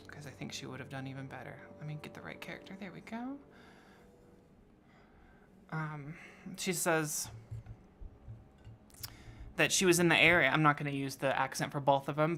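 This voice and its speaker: A woman's voice: low-pitched, fairly bright tone. A woman narrating as game master of a tabletop game, hesitant and full of fillers.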